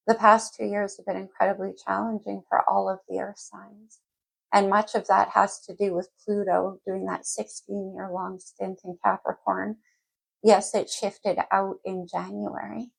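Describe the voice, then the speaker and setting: Woman doing a chatty tarot reading, super gravelly fry all through, kinda husky, drifts off topic then finds her way back. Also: mid-range voice, rough recording. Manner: rambling, loses and picks up her thread; talks straight to the viewer by sign. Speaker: tarot reader. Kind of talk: casual general tarot reading.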